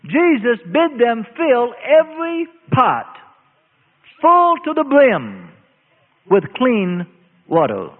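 Male preacher, high and animated voice, deliberate pace; tinny recording with long hall reverb. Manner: slow, emphatic preaching with drawn-out phrases. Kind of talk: sermon. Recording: phone-like audio in a reverberant hall.

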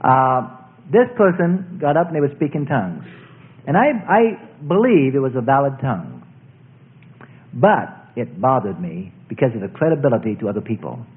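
A man's voice: medium pitch, expressive, moderate pace. A man preaching a sermon as pastor, telling rambling, folksy stories with frequent restarts. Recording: tinny phone-like recording.

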